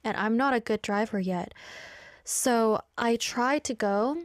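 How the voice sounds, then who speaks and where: A young woman hosting a radio show, chatting casually and acting out the people in her story with animated high-pitched bursts. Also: a little slow, no room sound, studio quality. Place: radio studio. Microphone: studio microphone.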